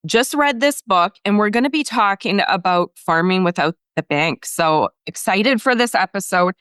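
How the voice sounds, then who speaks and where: A woman hosting an interview show, bubbly and passionate, with a loud, excited way of talking. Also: medium pitch, normal speed, clean tone, no room sound, clean studio sound. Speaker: podcast host.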